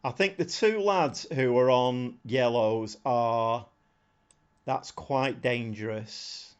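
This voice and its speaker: A man streaming a football management game, commenting live on the match and shouting at the screen when it gets exciting. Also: mid-range voice, slow, clear, resonant tone. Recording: slightly dull lo-fi sound.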